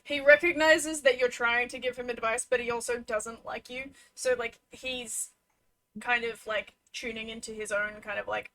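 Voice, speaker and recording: A woman's voice: on the high side, steady tone, normal speed, a bit bright, no room sound. A woman narrating as game master of a tabletop role-playing game, in a casual way with many fillers.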